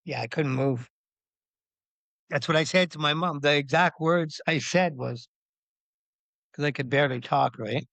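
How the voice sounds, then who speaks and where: Podcast guest, a man in his fifties with a fairly high voice, who tells his story animatedly and acts out the other people in it. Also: a little slow, vocal fry, pauses often, no echo. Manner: animated, acts out quotes with big pitch jumps, swears freely. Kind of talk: candid storytelling interview.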